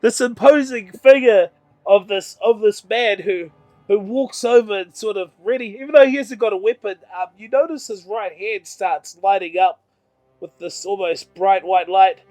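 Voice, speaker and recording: Man, game master, high voice, halting narration, dry close mic. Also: darkish tone, no room sound, faint music behind. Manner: laughs often, halting with fillers. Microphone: own microphone.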